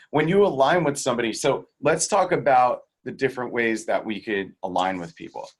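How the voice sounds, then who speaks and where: A man with an ordinary mid-pitched voice explains sales technique as an interview guest. He tells stories in a loose, conversational way. He acts out the other people in them and drops in the odd swear word. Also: normal speed, breathy edge. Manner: animated storyteller who acts out quoted voices; swears casually and laughs between points. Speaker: guest real estate sales coach. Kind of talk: casual interview teaching.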